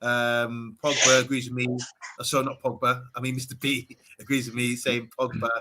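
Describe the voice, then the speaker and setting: Bright-sounding guy co-hosting, reads chat out, jumpy. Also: medium pitch, little pitch movement, moderate pace. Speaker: co-host. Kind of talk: casual football chat.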